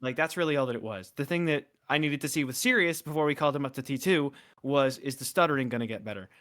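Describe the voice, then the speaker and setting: A man's voice: medium pitch, fast talker, a bit bright. Talkative man in casual chat. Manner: talkative, filler-heavy with restarts. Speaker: esports caster.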